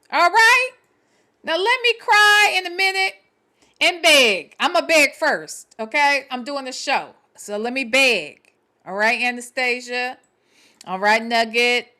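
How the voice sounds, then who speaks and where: High, lively, bright-voiced woman host. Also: slow pace, long pauses. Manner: blunt and profane, talks straight to viewers. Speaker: show host. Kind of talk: casual livestream chat, reading viewer comments.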